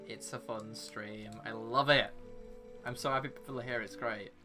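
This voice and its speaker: This game streamer is a young adult man with a steady voice on the low side, talking at a moderate pace with music in the background. He keeps up a rambling, casual chat with viewers and the game character, sniffly from a runny nose.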